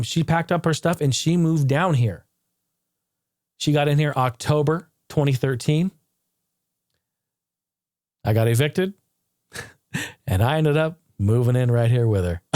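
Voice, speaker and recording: Man, candid personal retrospective, blunt, swears a lot, rambling restarts, mellow dark voice. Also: fairly high pitch, no echo, clean studio sound. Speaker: channel host. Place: home.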